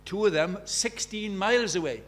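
Impassioned older preacher. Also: male voice, high voice, expressive, normal speed. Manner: impassioned, swings from hushed to loud. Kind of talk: evangelistic sermon.

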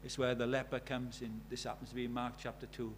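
A man's voice: medium pitch, level tone, fast talker, a little hiss or hum. A man preaching a sermon, telling stories and building to emphatic appeals.

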